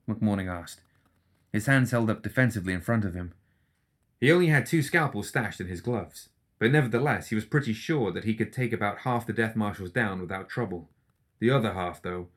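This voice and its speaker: A man with a fairly low voice narrates a fantasy audiobook. He reads in a steady, even storytelling manner. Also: a little fast. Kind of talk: scripted fiction narration.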